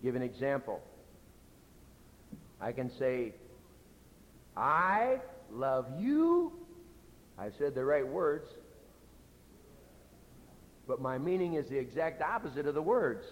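A man's voice: measured pace, pauses often. Man preaching a sermon in an echoey hall. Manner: earnest, conversational preaching, drops soft and low for personal confessions. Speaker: pastor. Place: church sanctuary. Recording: echoey hall with faint rumble.

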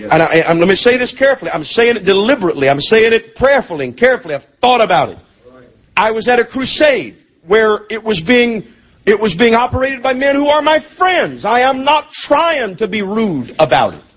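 A man preaching a fiery sermon, passionate and deliberate, at times slowing to hammer a point and at times shouting. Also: high-pitched, very animated. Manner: impassioned, shifts between deliberate slow emphasis and shouting. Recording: dull lo-fi sermon tape.

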